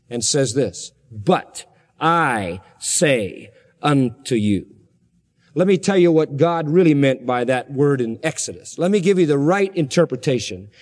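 A man preaching a sermon, with emphatic, dramatic stresses and slowed-down key phrases. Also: on the high side, darkish tone, in a large hall. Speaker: pastor.

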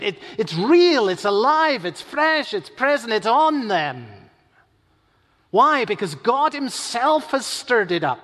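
A man delivers a sermon in a high, ringing voice. He swings between loud, urgent emphasis and slow, hushed reading of quoted lines. His voice trails off into a long hall reverb. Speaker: preacher.

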